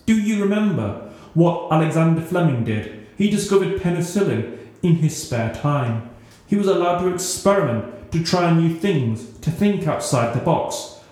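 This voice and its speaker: A man's voice: fairly high pitch, big pitch swings, moderate pace, a little mellow. A man reading the part of a tipsy, defiant female doctor who slurs in outrage, in a very echoey room. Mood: outraged. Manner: slurring, outraged.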